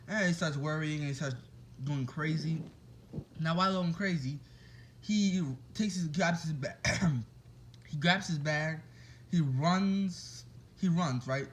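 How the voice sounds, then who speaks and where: A man's voice: a little high, unhurried, a little hiss or hum, poor audio. Man rambling through a made-up story. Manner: rambling, with restarts and asides to listeners. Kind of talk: casual improvised fan-fiction storytelling.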